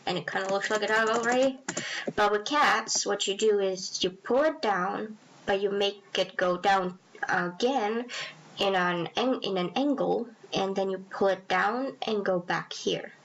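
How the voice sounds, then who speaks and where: A woman's voice: mid-range voice, unhurried, fairly bright tone. A woman talking through a drawing tutorial in a casual, rambling, self-deprecating way. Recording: slightly dull lo-fi recording.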